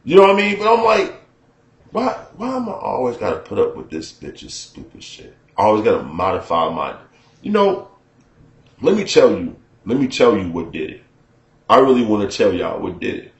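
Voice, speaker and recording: A man's voice: fairly low pitch, huge pitch swings, normal speed, echoey room, muffled recording. A man telling a personal story to his viewers as a profane, conversational rant, often checking in with the listener. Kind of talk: casual storytelling rant to camera.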